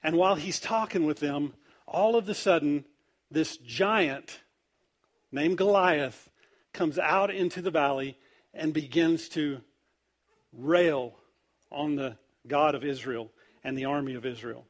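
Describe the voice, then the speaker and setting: A man preaching a sermon, telling a Bible story in an animated, joking way and acting out the characters. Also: fairly high pitch, slow pace, pauses often.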